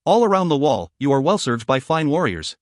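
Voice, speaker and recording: A man's voice: on the high side, sing-song, fairly quick, no echo, studio quality. A man voicing a dutiful woman knight captain. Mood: earnest. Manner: formal, courteous.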